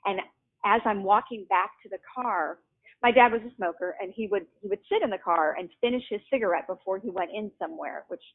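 A woman's voice: mid-range voice, brisk. A middle-aged woman, a guest author, telling personal stories in a casual, chatty way, laughing often and restarting sentences. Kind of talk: casual storytelling. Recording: tinny phone line.

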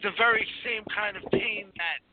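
A man's voice: high voice, normal speed. A man on a casual horror film podcast, analyzing a character's motives with repeated words and fillers. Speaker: podcast co-host. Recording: phone-like with faint noise.

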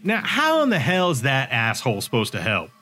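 A man voicing a gruff, cynical male private investigator in an audiobook, sardonic and grumbling. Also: medium pitch, wildly swooping pitch, fairly quick, bright, forceful tone, faint music behind, heavily acted. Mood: wary.

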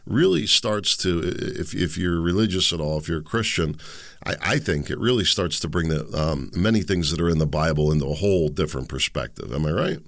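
A man's voice: sits low, fairly quick, vocal fry, fairly bright tone, dry recording, clean studio sound. A man hosting a show, giving opinionated solo commentary in a rambling, conversational way, often restarting and tripping over words and putting questions to his listeners. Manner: conversational, asks the audience direct questions.

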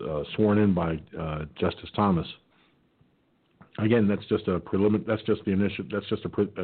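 Guy rambling on his own radio show, low husky voice, tinny phone-like sound, lots of uhs. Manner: rambling, halting, many fillers and restarts. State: hungry, says he may sound like his mouth is full. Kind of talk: casual political talk radio.

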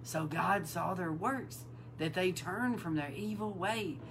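Woman reading scripture with lively asides. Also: fairly low pitch, takes it slowly, a little hiss or hum, poor audio. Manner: reads King James passages aloud, then comments with animated amusement. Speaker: host and Bible teacher.

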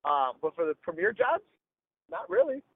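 High-voiced blunt man on a tinny line. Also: huge pitch swings, moderate pace, gravelly, no echo. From Los Angeles. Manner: blunt, emphatic, slangy. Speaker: guest sports broadcaster. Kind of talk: casual podcast interview. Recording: tinny phone-like line, dry.

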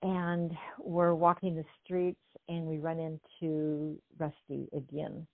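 Older california lady telling a story, lots of laughs, low-ish voice, thin phone-line sound, dead dry. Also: slow, vocal fry, no echo. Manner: animated, acts out quotes, laughs often. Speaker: guest. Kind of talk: casual storytelling interview.

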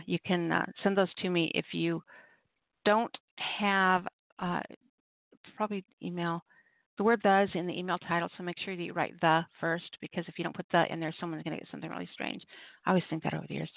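A woman hosts a poetry radio show, chatting in a loose, rambling way and laughing often. Her voice has a gravelly, creaky edge. It comes through a tinny, dry phone line. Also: fairly low pitch, no echo. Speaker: host of an open mic poetry radio show. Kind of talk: casual talk giving poetry prompts.

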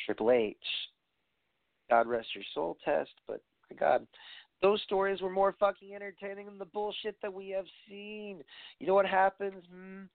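A man's voice: mid-range voice, no echo. Guy on a podcast ranting, sarcastic and sweary, sounds like a phone line, dead dry. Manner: sarcastic, profane ranting with lots of fillers. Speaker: podcast host. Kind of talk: casual wrestling podcast rant.

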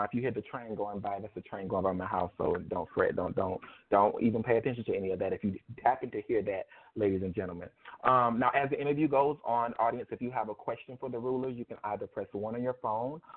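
A man's voice: fairly low pitch, quick pace. A man in his thirties hosting a call-in interview, chatty, with frequent ums and easy laughs. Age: 30s. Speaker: host. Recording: tinny phone line.

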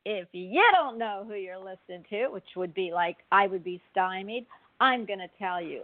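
A woman hosts a chatty show, gushing over her guest with theatrical enthusiasm. Her voice sits in a middle pitch. The audio is thin and tinny, like a phone line. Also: a little fast. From United States. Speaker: show host. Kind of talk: casual talk show chat.

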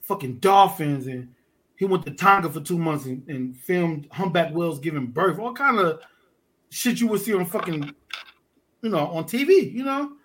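A man from Detroit with a high voice tells a story on a podcast in loose, profane street talk. He acts out every exchange, and his tone swings from loud to low. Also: animated, normal speed. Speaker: podcast guest, underwater photographer. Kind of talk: casual storytelling chat.

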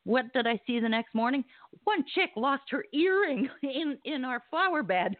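A host chatting on a call and telling an anecdote in a lively, laughing way. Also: high-pitched, moderate pace, no room sound. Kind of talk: casual call-in chat. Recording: tinny phone line.

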